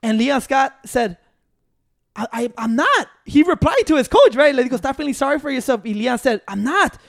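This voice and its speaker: A man's voice: very high-pitched, normal speed, vocal fry, no echo, studio quality. A man in casual sports chat, telling stories animatedly with lots of swearing and acted-out quotes, mixing English and Spanish. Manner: animated storytelling, acting out quotes, profanity-laden.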